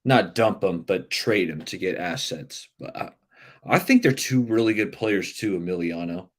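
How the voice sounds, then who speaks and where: A man with a fairly low voice hosts a casual live sports stream. He talks in a loose, rambling way and keeps turning to answer viewers' comments. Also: moderate pace. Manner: chatty, rambling, reacts to chat comments. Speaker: livestream sports show host.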